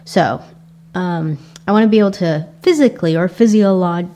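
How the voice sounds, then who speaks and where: A woman's voice: lowish voice, moderate pace, dark tone. A young adult woman with an Asian American accent hosting a casual solo podcast, reflective and rambling with frequent restarts. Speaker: podcast host.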